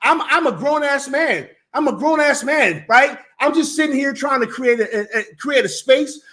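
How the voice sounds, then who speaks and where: A man co-hosting a loose sports talk stream, his voice pitched very high and sounding bright and forceful. He talks emphatically, repeating himself and swearing as he calls someone out. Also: moderate pace. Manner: emphatic, repetitive, swearing, call-out banter. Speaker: co-host.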